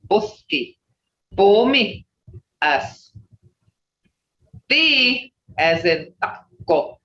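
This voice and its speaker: A language teacher giving a slow, repetitive pronunciation lesson over a video call, often checking in with "okay?". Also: medium pitch, sharp tone. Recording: roomy, muffled video-call audio.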